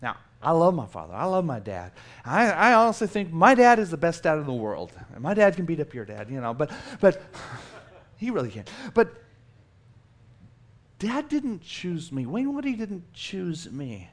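A man in his forties from South Texas, preaching a sermon in an animated, conversational way with self-mocking humor. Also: on the high side, normal speed. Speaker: pastor.

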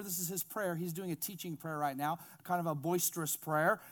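Animated high-voiced male preacher. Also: unhurried. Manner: animated, acts out the characters in the Bible story; humorous asides. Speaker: pastor. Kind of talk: sermon.

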